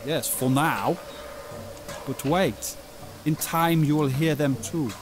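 A menacing blood-soaked doctor. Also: male voice, fairly high pitch, background noise. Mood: ominous. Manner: slow, deliberate, ominous delivery. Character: blood-covered male doctor, unhinged and menacing. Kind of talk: video game voice acting.

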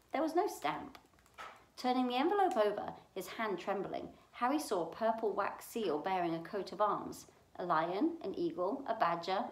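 A woman reading a novel aloud for a library storytime, in an expressive way. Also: mid-range voice. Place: library room. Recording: echoey room.

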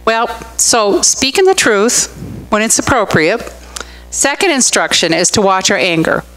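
A woman pastor preaches in an easy, chatty way, trading asides and questions with the people in front of her. Her voice sits at an ordinary middle pitch. Faint music lingers in the background. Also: very animated, unhurried, a bit bright, poor audio. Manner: chatty, storytelling, asks the room questions. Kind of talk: conversational sermon with congregation banter.

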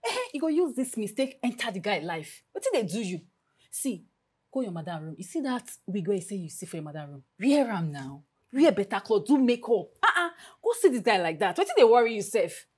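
An actress speaking with a Nigerian Pidgin accent, playing a pushy, streetwise young friend who bossily coaxes and scolds. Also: female voice, mid-range voice, very animated, fairly quick, a little mellow, slightly rough. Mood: coaxing. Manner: bossy, scolding and coaxing a friend. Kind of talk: Nollywood film acting.

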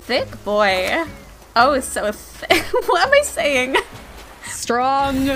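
A woman's voice: high voice, huge pitch swings, drawn-out words, a bit bright, faint music behind. A woman streaming games live, chatting casually, giggling often and yelping when startled. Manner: giggly, rambling, easily startled.

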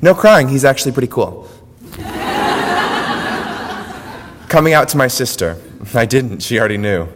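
A man's voice: mid-range voice, big pitch swings, fast talker, background noise. A man performing a personal monologue on stage in short, clipped phrases. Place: university event hall. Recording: long hall reverb.

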